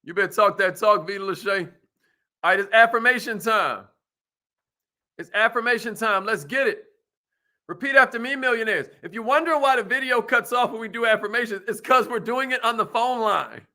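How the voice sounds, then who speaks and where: High-voiced guy hyping up the room, bright and punchy, playful slang. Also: brisk. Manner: energetic, slangy, playful banter. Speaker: motivational show host. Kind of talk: lively motivational talk to a live audience.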